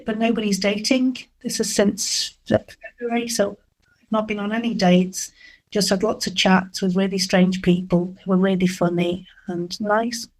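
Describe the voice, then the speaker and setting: A middle-aged woman telling candid dating stories in an interview, animated and acting out what people said. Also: mid-range voice, low-quality recording. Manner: candid, animated, acts out quoted dialogue. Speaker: interview guest. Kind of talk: frank storytelling.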